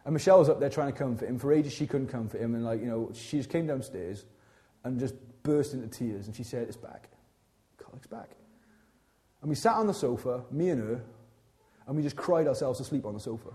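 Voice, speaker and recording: A young adult man preaching a sermon in a lively, conversational way, full of asides and repeated words. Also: medium pitch, fast talker. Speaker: pastor.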